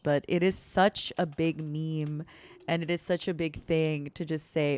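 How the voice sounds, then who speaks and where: A woman streamer chatting softly and casually with her viewers while gaming, giggling often and slipping into French. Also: deep voice, steady tone, normal speed, no echo. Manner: switches between English and French. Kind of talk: soft-spoken casual chat while gaming.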